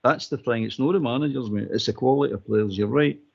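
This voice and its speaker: A man's voice: mid-range voice, fast, vocal fry, slightly rough. A Scottish man calling in to a radio phone-in, giving his opinion emphatically and repeating his points. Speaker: caller. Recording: muffled phone-in line.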